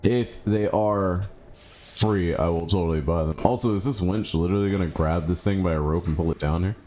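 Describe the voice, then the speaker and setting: A male gaming streamer with a very low voice talks through his play in a loose, casual way. He muses out loud and jumps into excited yelps. A faint hiss sits under the recording. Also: fairly quick. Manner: chatty, thinks aloud, bursts into excited yelps. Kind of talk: casual live gameplay commentary.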